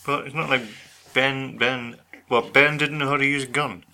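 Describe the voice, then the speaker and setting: A man's voice: medium pitch, steady tone, normal speed, vocal fry, sharp tone, slight background noise. A man co-hosting a casual podcast chat, bantering in a dry, teasing way. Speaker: podcast co-host.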